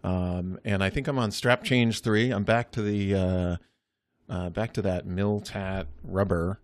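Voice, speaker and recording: A man co-hosting a podcast in relaxed, easygoing chat, often agreeing and laughing. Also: low voice, a little slow, dry recording. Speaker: podcast co-host. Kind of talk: casual chat.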